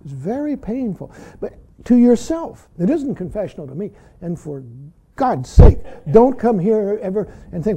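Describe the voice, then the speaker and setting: A man's voice: sits high, very animated, measured pace, mellow, breathy edge. A man giving a dharma talk as a Zen teacher, blunt and teasing, who laughs readily and keeps saying "see".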